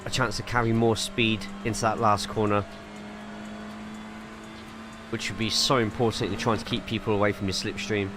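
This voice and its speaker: A man with an English accent and a slightly low voice chats casually on a live stream, drifting between track tips and replies to viewers. Music plays clearly behind him. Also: flat delivery, normal speed, long pauses. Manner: chatty, rambling, reads viewer chat aloud between driving tips. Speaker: sim racing streamer. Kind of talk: casual live-stream chat while driving.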